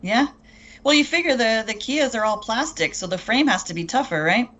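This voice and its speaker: A woman's voice: on the high side, expressive, moderate pace, fairly bright tone, dull audio. A woman from Canada with a Canadian accent, chatting in an easygoing way on a casual show. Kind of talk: casual chat.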